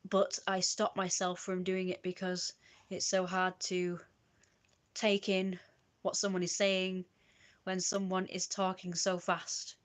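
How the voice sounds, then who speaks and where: A woman with a British accent, reading her old diary entries aloud on a stream, halting now and then as she stumbles over her own handwriting. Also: fairly low pitch, monotone. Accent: British English.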